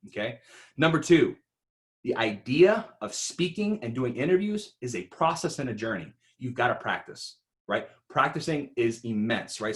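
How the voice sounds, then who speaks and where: A man giving an instructional talk on speaking in online interviews, animated and rhetorical, often checking in with "right?". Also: medium pitch. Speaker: presenter.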